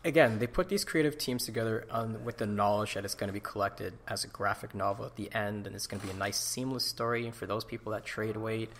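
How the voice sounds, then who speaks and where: Man, low gravelly voice, opinionated, casual podcast chat. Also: fast, hardly any pauses, a bit bright, slight background noise. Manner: opinionated, ranting. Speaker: podcast co-host.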